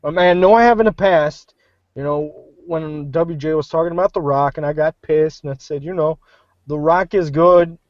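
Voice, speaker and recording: A man's voice: fairly high pitch, fairly quick, dry recording, muffled recording. A man co-hosting a casual chat show, speaking angrily with profanity and mocking quoted opinions. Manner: angry, profane, mocking others' words. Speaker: show co-host.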